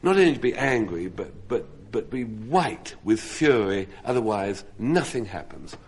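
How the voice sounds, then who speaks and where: A man's voice: on the low side, very animated, a little slow, slightly rough. A man on a comedy panel show, telling a self-mocking comic story to a studio audience. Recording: 1970s radio broadcast with audience laughter. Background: studio audience laughing.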